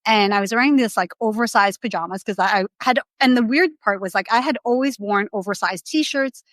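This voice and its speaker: A woman's voice: mid-range voice, fairly quick, fairly bright tone, no room sound. A young adult woman as a podcast guest, telling her story candidly in a rambling, casual way with many restarts.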